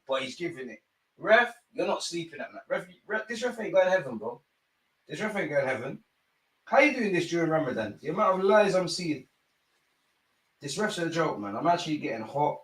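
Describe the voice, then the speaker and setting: A man's voice: a little high, a bit bright, a little hiss or hum. A young man hosting a live football watch-along, ranting at the referee and swearing, full of street slang. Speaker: streamer.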